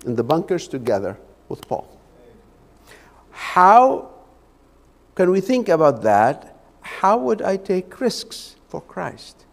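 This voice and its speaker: A man's voice: high-pitched, huge pitch swings, slow, vocal fry, pauses often. A man preaching a Sunday evening sermon in a church, fervent and often repeating his words as he goes. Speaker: lay preacher. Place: church sanctuary. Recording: echoey church hall.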